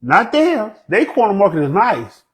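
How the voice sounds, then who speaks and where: A comedian telling funny stories in an animated way, slipping into a put-on proper voice. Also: male voice, high voice, normal speed, slight background noise, low-quality recording. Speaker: comedian guest. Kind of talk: comic storytelling.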